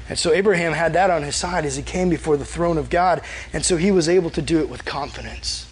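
A man's voice: fairly high pitch, fast, hardly any pauses, slight background noise, poor audio. A young man preaching a casual, conversational sermon as a youth pastor, often acting out prayers in a quoted voice.

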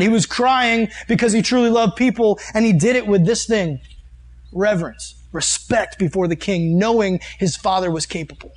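Youth pastor type, man with a slightly high voice, casual earnest preaching, reads scripture and riffs on it. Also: normal speed. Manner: reads and comments on scripture verses. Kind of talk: sermon. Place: meeting room with a live audience.

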